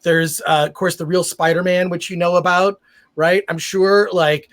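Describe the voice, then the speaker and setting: A man's voice: high-pitched, fairly even intonation, moderate pace, a bit bright. A man hosting a podcast, chatting in a rambling way full of fillers. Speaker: podcast host. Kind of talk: casual podcast chat.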